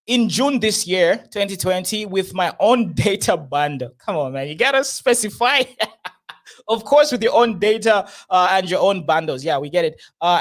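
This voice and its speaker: A man's voice: high voice, expressive, moderate pace. A man hosting casual political commentary, chatty and often laughing. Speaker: host.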